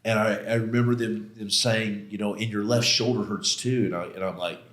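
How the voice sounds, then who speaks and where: A man's voice: lowish voice, fairly even intonation, fairly quick, a bit bright. A middle-aged man telling a personal story as a podcast guest, with intense, emotional retelling, casual slang, and many quoted exchanges and restarts. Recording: roomy echo.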